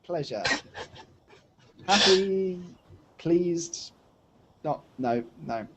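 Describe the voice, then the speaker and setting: A man's voice: fairly high pitch, lively intonation, extremely slow, heavy background noise. A male podcast co-host in casual chat, playfully guessing at charades with short spoken guesses.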